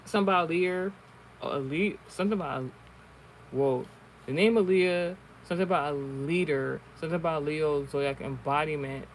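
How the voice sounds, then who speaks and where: Man streamer, fairly high voice, casual rambling storytelling, heavy swearing, faint background noise. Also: normal speed, poor audio. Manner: rambling, profane, many restarts. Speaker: online streamer. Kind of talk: casual storytelling and card reading.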